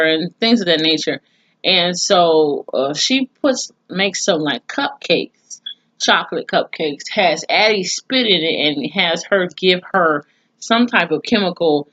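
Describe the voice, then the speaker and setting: A woman's voice: sits low, lively intonation, slow, fairly bright tone, highs cut off. A woman recapping a TV episode in casual, profane storytelling, with plenty of asides and cursing. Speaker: TV series reviewer.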